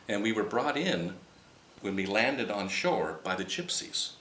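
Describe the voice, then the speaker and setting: A man telling a personal story to a group in casual, animated style, rambling with restarts and acting out the dialogue he quotes. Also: fairly low pitch, a little slow, slight background noise. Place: meeting room with a live audience. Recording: roomy hall with faint ambience.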